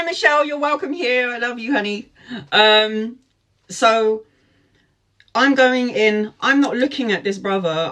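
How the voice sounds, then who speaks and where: A woman in her forties telling a story casually on a live stream, animated and laughing often as she greets viewers. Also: on the low side. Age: 40s. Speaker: tarot reader hosting a live stream.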